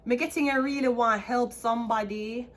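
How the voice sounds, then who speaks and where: Jamaican-accented female tarot reader, higher pitch, excitable and repetitive delivery. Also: fairly quick. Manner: excitable, chatty, repeats herself. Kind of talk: casual tarot reading to camera.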